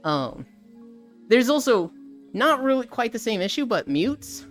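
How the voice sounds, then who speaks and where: Faint music plays behind this streamer host, a woman whose fairly high voice moves at an unhurried pace. Chatting casually with her guest, she curses freely, stays animated, and welcomes chat viewers by reading their messages out.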